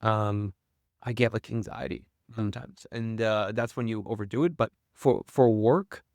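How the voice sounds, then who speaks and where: A man hosting a podcast, chatting casually and quickly with fillers. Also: lowish voice, a little mellow, dry recording, studio quality. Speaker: podcast host. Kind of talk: casual chat.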